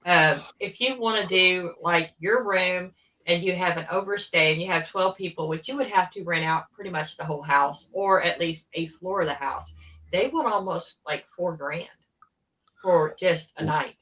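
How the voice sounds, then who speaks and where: Bright-voiced woman on a distant mic. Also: fairly low pitch, normal speed. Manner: rambling with fillers and restarts. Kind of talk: casual chat.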